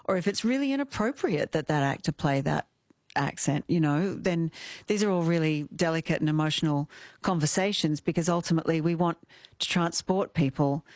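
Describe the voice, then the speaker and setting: A middle-aged woman talks about voice work as a guest, animated and expressive and laughing often. Her voice sits a touch low. The sound is dry and close to the mic. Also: fairly quick, no room sound. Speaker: dialect coach guest. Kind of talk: radio interview conversation.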